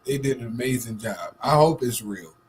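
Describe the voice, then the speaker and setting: A man co-hosting a casual talk show, animated and joking, laughing often. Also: mid-range voice, moderate pace, background noise. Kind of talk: casual chat.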